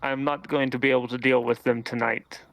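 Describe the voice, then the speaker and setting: A man doing a weary werewolf hunter with a rasp. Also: medium pitch, level tone, fairly quick, a bit bright, no room sound, lightly acted. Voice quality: slight rasp.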